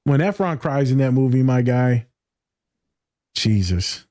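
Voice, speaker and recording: A man hosts a casual podcast in a warm, mellow voice recorded close and dry. He speaks with emphasis and street slang, dropping "my guy" and the odd curse word. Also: medium pitch, lively intonation, measured pace, no echo. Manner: emphatic and slangy, says "my guy", swears freely. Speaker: podcast host.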